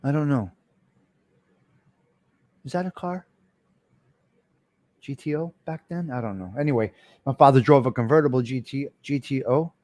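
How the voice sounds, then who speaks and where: A man's voice: mid-range voice, moderate pace, pauses often, darkish tone, dry recording. A middle-aged man, hosting a casual live stream and telling rambling, repetitive stories, cursing freely and answering viewers by name.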